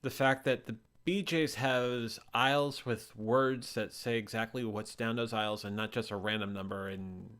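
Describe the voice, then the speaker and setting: A man co-hosting a casual online group chat, animated and quick to laugh. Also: medium pitch. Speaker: co-host.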